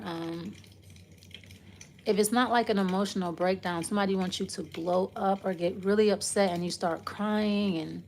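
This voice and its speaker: A woman's voice: medium pitch, a little hiss or hum. A woman giving a casual, loose tarot reading, rambling and trailing off as she talks it through. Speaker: tarot reader.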